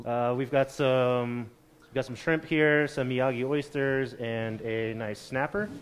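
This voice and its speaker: A chef calmly walking through the dish he is about to make. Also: medium pitch, a little slow, smooth. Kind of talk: explaining a dish.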